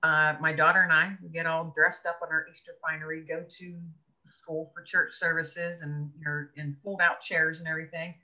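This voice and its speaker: Woman guest, earnest expressive storyteller, very bright piercing voice, dull lo-fi recording. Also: low voice, moderate pace. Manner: earnest, expressive storyteller who laughs between thoughts. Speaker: podcast guest, author. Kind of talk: personal storytelling in an interview. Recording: dull lo-fi audio.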